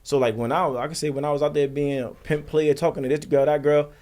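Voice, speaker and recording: A man's voice: on the high side, flat delivery, quick pace, dark tone. A middle-aged man in casual podcast talk, telling a personal story earnestly in plain street slang.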